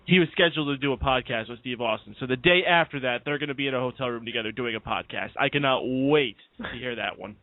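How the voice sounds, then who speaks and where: A man's voice: medium pitch, fast talker, hardly any pauses, no echo. A man hosting a live internet radio post-show, talking in an upbeat, announcer-like way. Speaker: lead host. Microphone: internet call. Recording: dry tinny call audio.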